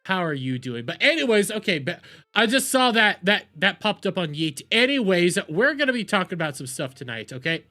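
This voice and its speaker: A man's voice: high-pitched, big pitch swings, fairly quick, bright, forceful tone, faint music behind. A man hosting his live stream in casual chat, rambling with restarts and self-deprecating asides. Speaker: streamer host.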